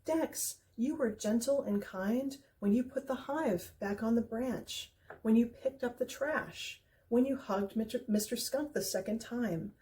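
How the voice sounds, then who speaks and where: A woman's voice: lowish voice, normal speed, hardly any pauses, dark tone, distant mic, a little hiss or hum, lightly acted. A woman voicing a sweet little baby bird in a storybook reading, speaking cheerfully and encouragingly.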